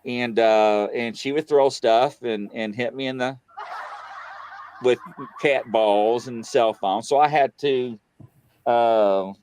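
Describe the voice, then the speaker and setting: A man casually telling a story on a talk show, acting out the dialogue and jumping high in pitch when he gets excited. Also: slow pace, slight background noise. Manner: animated, acts out quoted dialogue, voice jumps high when excited. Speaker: guest on a paranormal talk show.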